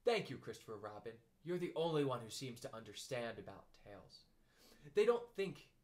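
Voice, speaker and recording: Storybook donkey, old and gloomy, complaining slowly, voiced by a male reader. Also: medium pitch, big pitch swings, pitched below the performer's own voice, close to an everyday voice. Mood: gloomy grumbling. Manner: complaining, slow and mournful.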